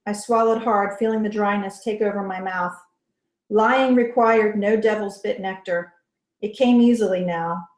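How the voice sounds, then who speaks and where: A woman author reading her first-person novel aloud in soft, measured narration. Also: mid-range voice, fairly even intonation. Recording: roomy echo.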